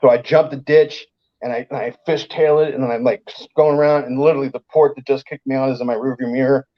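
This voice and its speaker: On lo-fi sound, a comedian guest speaks quickly in a mid-range voice. His story comes out in casual, profane talk, delivered with animation and impressions of the people in it.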